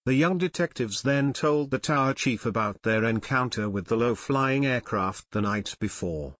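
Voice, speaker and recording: A male audiobook narrator telling the story steadily. His pitch rises and falls a lot. The sound is dry and close, with no room echo. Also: animated, moderate pace, hardly any pauses, a bit bright. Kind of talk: scripted narration.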